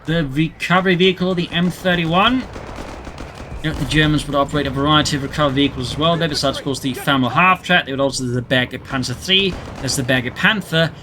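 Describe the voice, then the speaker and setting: A game caster gives play-by-play commentary on a strategy game replay, dropping in historical asides. His voice is fairly high and quick. In-game battle sounds and vehicle engine noise play behind him.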